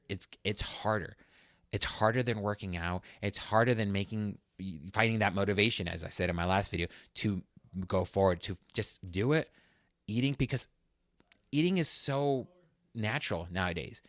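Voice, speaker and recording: Deep-voiced and moderately paced, the man hosting this fitness show tells his own story with heartfelt emotion, getting loud and worked up over a past struggle. It's recorded in studio quality with no room sound.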